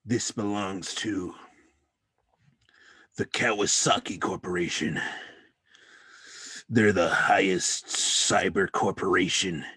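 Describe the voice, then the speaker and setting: A man hosting a one-man podcast, narrating an improvised parody in a deadpan, mock-dramatic manner. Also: deep voice, slow pace, long pauses, breathy edge, no room sound, clean studio sound. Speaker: podcast host.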